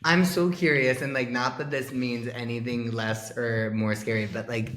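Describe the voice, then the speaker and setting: A man co-hosting a podcast in casual chat, reacting in a supportive way with quick interjections. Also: mid-range voice, steady tone, a bit bright, roomy sound, a little hiss or hum. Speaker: podcast co-host.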